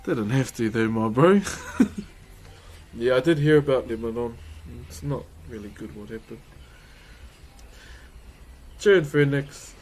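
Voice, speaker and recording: A man's voice: mid-range voice, unhurried, pauses often, darkish tone. A man chatting casually on a live stream while woodcarving, laughing often and greeting viewers. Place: carving workshop.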